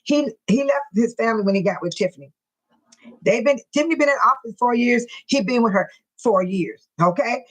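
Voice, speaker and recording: A woman's voice: on the high side, animated, a little fast, low-quality recording. A woman hosting a casual live stream, greeting viewers by name and reading out their comments, often laughing and teasing.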